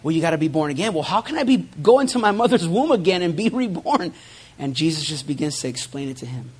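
A fast-talking pastor with a slightly high, slightly rough, very animated voice delivers a sermon to his congregation. His preaching is emphatic, escalating through repeated phrases, with joking asides dropped in.

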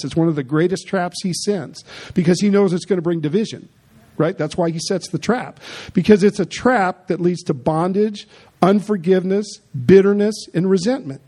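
A man delivers a sermon in a fairly high voice with a warm, mellow tone. He preaches emphatically but conversationally, repeating his points and turning to the congregation with quick asides. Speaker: pastor.

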